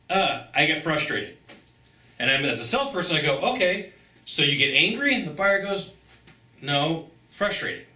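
Bright, energetic man coaching sales. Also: a little high. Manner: energetic, emphatic, acts out buyer-seller exchanges. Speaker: sales trainer. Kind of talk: direct-to-camera sales coaching. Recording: roomy sound, mic at a distance.

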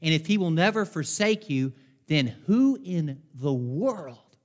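Fervent preacher in a reverberant church. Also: male voice, a little high, lively intonation. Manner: fervent, slows down for emphasis. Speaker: pastor. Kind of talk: sermon. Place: church sanctuary. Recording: long hall reverb in a church.

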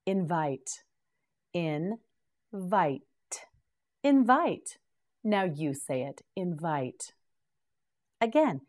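Her voice fairly low and darkish in tone, a middle-aged woman leads a slow, scripted drill on English vocabulary pronunciation. She says every word slowly several times, praising the learner with patient encouragement.

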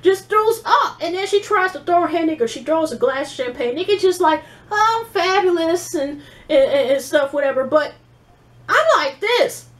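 Animated, profane woman recapping reality TV. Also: high-pitched, moderate pace. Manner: animated, profane, mimics people she quotes. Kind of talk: casual episode recap.

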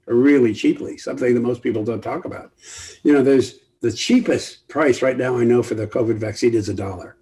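An older man speaking as a guest expert on an online panel call, emphatic and lively, often acting out quoted voices. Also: medium pitch. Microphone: video call.

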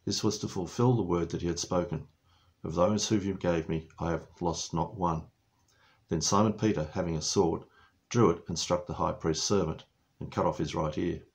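Deep-voiced man reading scripture. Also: fairly even intonation, moderate pace, darkish tone. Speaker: scripture reader. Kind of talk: Bible reading in a church service.

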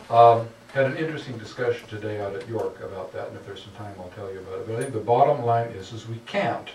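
A man giving a public lecture in a lecture hall, putting questions to the audience with a wry manner. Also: mid-range voice. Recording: roomy hall from a distance, faint hum.

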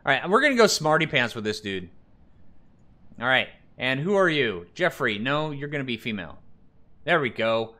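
This is a man giving relaxed let's-play commentary, chatting to himself as he clicks through options and reads the on-screen text aloud. His voice is bright and forward, and his pitch swings up and down as he goes. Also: normal speed. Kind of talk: casual gameplay commentary.

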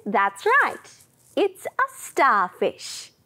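A young woman teaches a children's music class in a bright, rather high voice that swoops up and down. She speaks very slowly and sing-song, coaxing little ones along and dropping into soft whispers for the quiet parts. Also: huge pitch swings.

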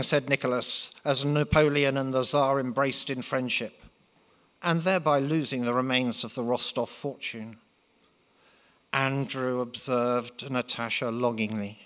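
A man with an English accent, an author reading his comic literary pastiche in a dry, deadpan narrating voice. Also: mid-range voice, unhurried, big-room sound.

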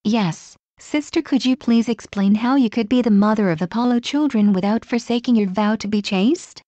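Brief: woman reader voicing a smug curious goddess, mellow and dry. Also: a little high, normal speed, no room sound, natural voice. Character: smirking, curious female goddess of wisdom.

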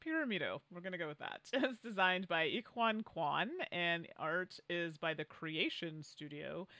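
A woman's voice: low voice, sharp tone, no echo. A woman from Canada co-hosting a podcast, chatting casually about board games and laughing often. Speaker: podcast co-host.

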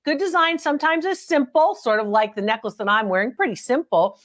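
A woman's voice: high voice, brisk. A woman hosting a live antiques appraisal show, chatting and teasing with callers, calling them honey and laughing often. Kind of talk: lively live-stream chat with callers.

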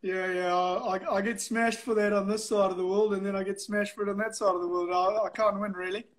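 A man's voice: high-pitched, little pitch movement, fairly quick. A man from South Africa as a guest on a video call interview, easygoing and self-deprecating.

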